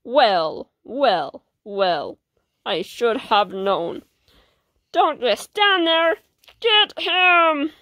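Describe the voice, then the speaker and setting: A woman doing a gruff villain cat. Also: on the high side, expressive, drawn-out words, pushed and bright, no room sound, pitched below the performer's own voice, exaggerated voice. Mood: grumpy. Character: grumpy scheming male villain cat.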